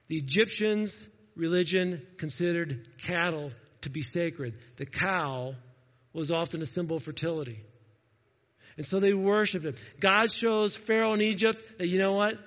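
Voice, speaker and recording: A man preaching a sermon as a pastor, animated and jokey, talking straight to his congregation. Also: a little high. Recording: echoey hall, dull lo-fi sound.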